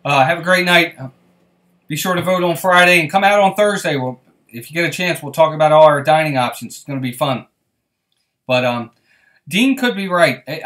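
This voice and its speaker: On the high side and a bit bright, this man's voice carries a casual live stream. He greets people by name while going through their comments, sounding friendly and reassuring.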